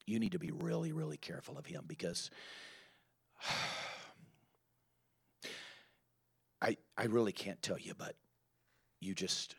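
A low, hushed church gossip who leans in close and stammers out warnings about another member, dropping to a near whisper, as a preacher acts him out. Halting and secretive, forever insisting they must simply be trusted. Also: male voice, no echo, natural voice.

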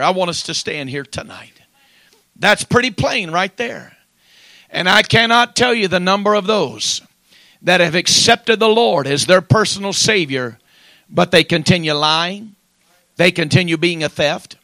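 A man preaching a fiery sermon, climbing to loud high-pitched shouts and sinking to hushed, quiet passages. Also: animated, a little slow, dry recording. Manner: rises to loud high-pitched shouting on scripture, drops to quiet near-whispers.

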